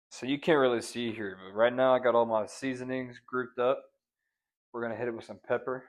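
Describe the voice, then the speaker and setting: A man's voice: mid-range voice, steady tone, brisk. A man casually showing how he seasons ribs, playful and slangy, crooning pet names at the food and the viewer. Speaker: cooking vlogger. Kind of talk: casual cooking demonstration.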